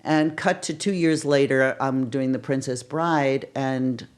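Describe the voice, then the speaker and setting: A woman's voice: very deep voice, unhurried. An older woman, a casting director, telling stories in a podcast interview and acting out the exclamations she quotes. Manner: animated, acts out quoted exclamations.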